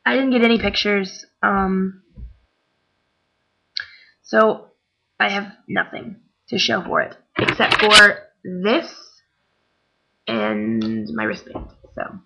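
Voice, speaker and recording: A woman's voice: mid-range voice, fairly even intonation, slow pace, gravelly, long pauses. A tired young woman chatting casually in a rambling way, with lots of "like" and "um". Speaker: vlogger. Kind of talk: casual chat. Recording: dull lo-fi webcam recording.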